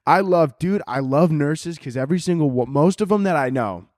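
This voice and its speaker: A man's voice: a little high, animated, normal speed, a little mellow, no room sound, studio quality. A man hosting a podcast, telling rambling, profane comic stories and laughing often. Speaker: podcast host. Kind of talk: casual comedic podcast monologue.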